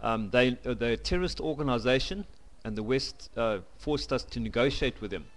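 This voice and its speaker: A South African man giving a blunt, opinionated to-camera monologue into a home camcorder, halting as he goes. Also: medium pitch. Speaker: vlogger.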